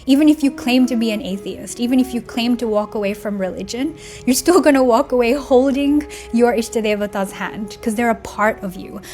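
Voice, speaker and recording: A woman's voice: fairly high pitch, fairly quick, darkish tone, faint music behind. A young woman vlogger telling a heartfelt personal story in a casual, conversational way, tearing up at times. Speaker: spiritual vlogger.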